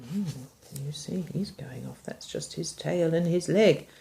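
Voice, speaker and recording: A woman reading a picture book aloud to a young child. She stops to ask about the pictures, moving between bright exclamations and soft murmured asides. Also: sits low, expressive, a little slow, vocal fry. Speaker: reader to a child.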